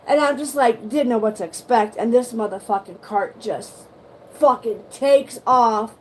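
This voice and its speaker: A young woman, telling a story to her livestream viewers in an animated way, swearing casually and saying "like" a lot. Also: fairly high pitch, slight background noise, rough recording. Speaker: livestream host.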